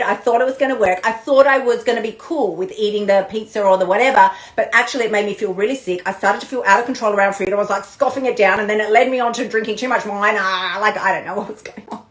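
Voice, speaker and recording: A woman's voice: mid-range voice, fast talker, hardly any pauses. Bubbly woman coach with a roomy echo. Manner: bubbly and animated, with frequent laughs and mild swearing. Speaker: weight-loss coach. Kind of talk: live-stream pep talk.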